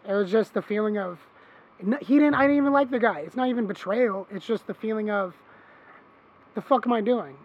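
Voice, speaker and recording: A man hosting a podcast, telling a long story in casual chat, animated and swearing freely, acting out what others said. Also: sits high, quick pace, muffled recording. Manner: animated, swearing, acts out quoted voices. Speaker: podcast host.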